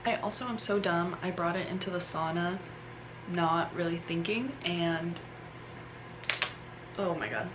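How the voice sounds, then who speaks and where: A woman's voice: fairly low pitch, measured pace, long pauses. A young woman vlogging casually at home, chatty and self-deprecating, trailing off mid-sentence. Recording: noisy home recording.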